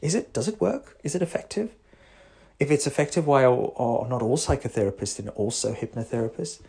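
A man putting on a squeaky falsetto as a baffled, skeptical man firing off rapid questions. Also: expressive, vocal fry, warm tone, breathy edge.

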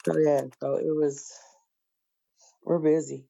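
A woman with a gravelly, creaky voice trades blunt, profane stories in casual chat. Her voice is dry and close, and the call audio sounds dull and lo-fi. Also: very deep voice, unhurried, dark tone, no room sound. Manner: blunt, profane, storytelling with laughs.

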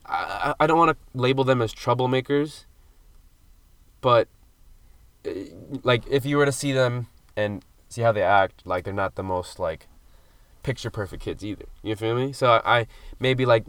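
Recorded dry on a studio mic, a man with a fairly low pitch and a fairly bright tone chats casually as a podcast co-host. His long story rambles, thick with fillers and a bit of mild swearing.

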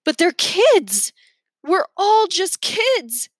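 A woman reading aloud, voicing a distraught twelve-year-old boy in a high, strained, pleading voice. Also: big pitch swings, very slow, no room sound, heavily acted. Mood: desperate.

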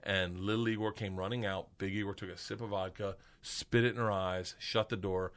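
A middle-aged man spins a profane story in casual talk, acting out each character. His voice is bright and forceful, and it leaps far up in pitch when he quotes people. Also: a little fast. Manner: animated, profane, acts out characters with big pitch jumps. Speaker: comedian guest.

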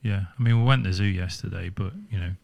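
A man in casual podcast chat, halting and restarting his sentences. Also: low voice, gravelly, a little mellow, no echo. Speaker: podcast co-host.

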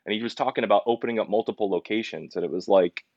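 A man's voice: fairly low pitch, very fast, darkish tone, no room sound, highs cut off. A young man, a podcast guest who owns a pizzeria, telling his story earnestly in a casual interview, with many restarts.

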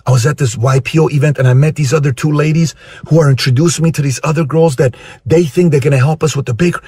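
A man doing an excited woman gushing about a new venture. The voice rides up high and quick, husky in tone, with a dry close sound. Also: no echo. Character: excited woman baker with big plans.

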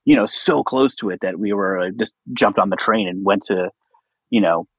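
A man's voice: on the low side, normal speed, a bit bright, breathy edge, dry recording. A man in his thirties from Westchester, New York, co-hosting a podcast and reminiscing in a laid-back way. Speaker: podcast co-host. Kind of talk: casual chat.

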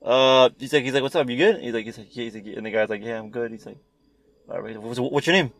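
A man's voice: mid-range voice, fast talker, gravelly, fairly bright tone. A young man in casual chat, telling a story with lots of swearing, acting out quotes and laughing often.

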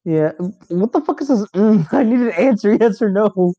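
A man's voice: sits high, animated, normal speed, warm tone, highs cut off. A young man co-hosting a casual podcast, rambling and joking and swearing freely. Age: young adult. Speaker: podcast co-host. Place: college dorm.

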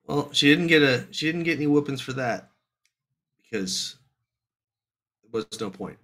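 A man's voice: a little high, normal speed. A man casually telling a family story on a podcast, acting out the voices. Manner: animated, acts out every voice.

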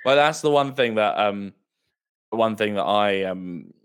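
A man with a slightly low voice talks casually as a podcast guest. He is relaxed and chatty, filling his sentences with "like" and "um" as he goes. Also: unhurried, smooth. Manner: laid-back, chatty, peppered with "like" and "um". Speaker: guest, tabletop role-play player. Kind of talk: casual chat.

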